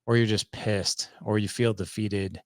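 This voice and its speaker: A man hosting a podcast, chatting in a relaxed, rambling way and often saying "man". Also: on the low side, measured pace, no echo, clean studio sound. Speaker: podcast host. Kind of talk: casual interview chat.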